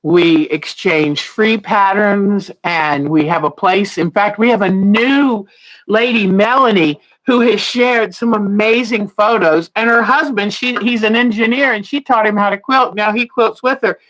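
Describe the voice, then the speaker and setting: A woman's voice: mid-range voice, unhurried, fairly bright tone, rough recording. A woman hosting a casual quilting livestream, chatting and greeting viewers by name. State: out of breath.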